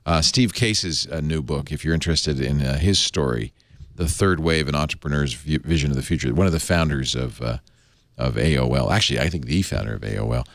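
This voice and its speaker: A man's voice: rumbling low, a little fast, vocal fry, no echo. A man hosting a tech talk show, reading an ad in an enthusiastic, chatty, rambling way. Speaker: podcast host.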